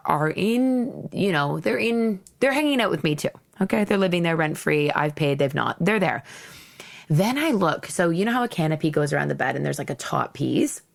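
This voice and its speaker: A young adult woman hosting a podcast, telling a travel story in casual, profane, animated chat. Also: gravelly. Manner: animated, profane, swings pitch up for emphasis. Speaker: podcast host.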